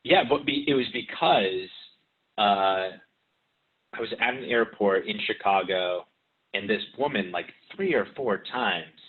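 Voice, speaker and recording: A man's voice: fairly low pitch, animated, a little slow. A man talking as a podcast guest in loose, rambling casual chat, with many restarts. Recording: tinny remote line with hiss.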